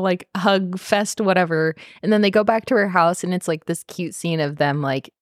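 A woman co-hosting a podcast, recapping a TV show in casual chat, animated, laughing and swearing as she acts out the characters. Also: fairly low pitch, a little fast, hardly any pauses, dry recording, studio quality. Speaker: podcast co-host.

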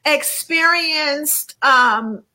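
As a guest in an interview, a woman earnestly recounts her faith testimony at a measured pace, frequently repeating words as she looks for them. Her high voice sounds pushed and bright, and the audio is poor.

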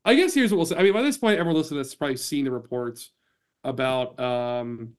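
Male podcast host, mid-pitched voice, relaxed sports chat, quick to laugh and animated. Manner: animated, laughs easily, reads aloud with gusto.

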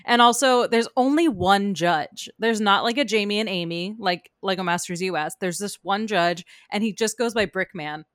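A woman's voice: mid-range voice, dry recording. Chatty woman in a dry booth. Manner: chatty and animated, quick asides, frequent laughs. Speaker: podcast co-host. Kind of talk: casual chat about TV shows.

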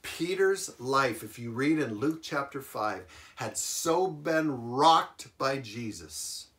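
A man preaching a sermon, retelling a Bible story with lively emphasis, repeated phrases and frequent chuckles. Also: mid-range voice, slow.

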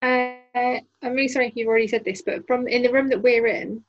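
A woman's voice: on the high side, steady tone, fairly quick, dull audio. A woman playing a tabletop role-playing game, chatty, giggly and a little apologetic. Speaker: player. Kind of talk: casual tabletop role-play.

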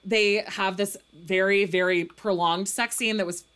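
A woman's voice: mid-range voice, fairly even intonation, unhurried, a bit bright. A woman co-hosting a casual book-discussion chat, talking candidly with plenty of "like"s and frank swearing. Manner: candid, profane, filler-heavy, laughs often.

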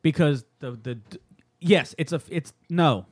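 A man co-hosting a casual podcast, rambling through stories with plenty of swearing and laughter. His voice sits a bit high, recorded dry and close. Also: measured pace, dry recording. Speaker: podcast co-host. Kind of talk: casual banter.

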